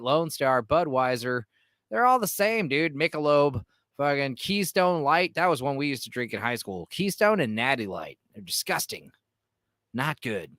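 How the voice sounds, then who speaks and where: A rambling, irreverent man hosting a solo podcast. His pitch swings lively up and down as he swears and wanders from topic to topic. He is recorded on a close mic in a dry room. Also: dry recording. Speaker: podcast host.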